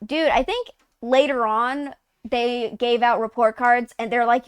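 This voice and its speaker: High-voiced rambling woman streamer. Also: steady tone, normal speed, smooth, no echo. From Texas. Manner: rambling, profane, heavy use of "like". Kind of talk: casual live-stream chat.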